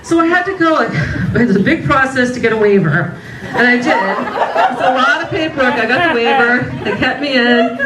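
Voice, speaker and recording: A middle-aged woman works a live comedy stage, her voice high and swooping as she tells profane stories and laughs through them. The sound is roomy and a little distant from the mic, with a loud crowd roaring behind her. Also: normal speed, background noise. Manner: profane, animated storytelling, laughing through lines. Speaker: stand-up comedian. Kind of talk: stand-up routine.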